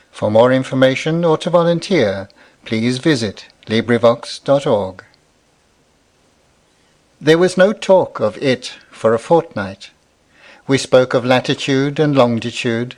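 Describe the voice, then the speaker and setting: Brief: male audiobook narrator, measured steady reading, middle-pitched voice. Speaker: volunteer audiobook reader.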